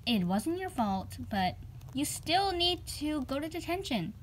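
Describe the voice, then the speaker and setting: Kind, reassuring doll friend in a toy skit voiced by a woman, slightly high. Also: sing-song, a little slow, a little hiss or hum. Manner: gentle, reassuring.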